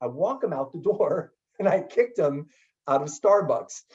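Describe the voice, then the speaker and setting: A middle-aged man telling a story in a webinar talk as keynote speaker, chatty and animated with many filler words. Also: a little high, measured pace. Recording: dull lo-fi webinar audio.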